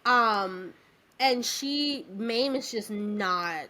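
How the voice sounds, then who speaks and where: A woman co-hosting a podcast, chatting casually and retelling a musical's plot with lively quoted voices. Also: fairly high pitch, drawn-out words. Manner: animated retelling with quoted voices, frequent fillers. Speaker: podcast co-host. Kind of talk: casual chat recapping a musical.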